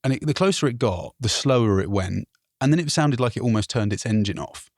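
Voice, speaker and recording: A man from England telling a travel story on a podcast, animated and laughing, swearing now and then. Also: mid-range voice, fairly quick, no room sound, studio quality. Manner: animated, laughing, swears, puts on voices for others.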